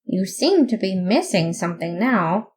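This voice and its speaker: A woman voicing an excitable, self-important male skeleton detective who talks dramatically in a fan audiobook reading. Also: medium pitch, measured pace, slightly rough. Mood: dramatic.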